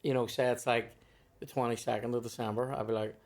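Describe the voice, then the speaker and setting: A man's voice: medium pitch, flat delivery, fast. A man with a Northern Irish accent, a comedian telling stories in casual chat, swearing freely and acting out the people in them. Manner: swears freely, acts out others in his stories. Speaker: comedian guest.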